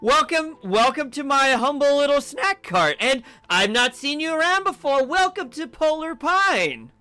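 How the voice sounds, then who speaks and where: A man's voice: very high-pitched, sing-song, unhurried, pushed and bright, dry recording, voice pushed up, full character voice. A man voicing a cheerful, festive elven snack-cart vendor who talks in a chatty, folksy way and calls people dearie. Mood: jolly, welcoming.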